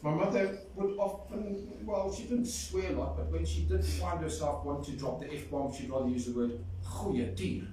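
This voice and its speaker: A man's voice: a little high, normal speed, hardly any pauses, mellow. A man giving a fond, storytelling eulogy at a funeral. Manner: fond storytelling, sings a folk song. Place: large echoey hall at a funeral. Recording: echoey hall from far off, faint noise.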